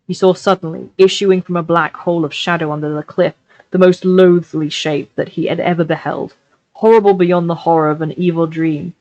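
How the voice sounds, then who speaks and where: A woman reads a novel aloud on a live stream with an expressive delivery. Her voice sits somewhat low, and she slows down and draws out the dramatic passages. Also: rough recording. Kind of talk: live-streamed book reading.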